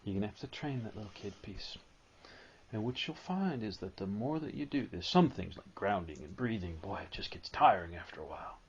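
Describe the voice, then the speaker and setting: A man giving a live spiritual talk to an audience, animated and storytelling, at times acting out a whining child. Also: lowish voice, fairly quick, husky, highs cut off.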